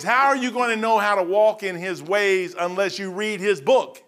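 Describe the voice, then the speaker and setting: A middle-aged man with a drawl preaches from the pulpit in a high, ringing voice. He tells stories from his own life in a lively way, sinking to near-mutters on asides and then climbing into excited bursts. His tone is bright and forward throughout. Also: normal speed, few pauses. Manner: storytelling preacher, swings from hushed asides to excited outbursts. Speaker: pastor. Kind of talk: sermon.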